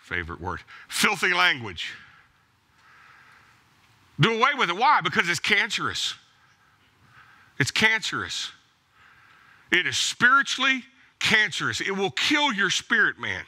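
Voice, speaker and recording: A man's voice: high-pitched, wildly swooping pitch, measured pace, pauses often, sharp tone. A male pastor preaching a sermon in an emphatic, exhorting way, driving points home with blunt repeated commands. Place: church.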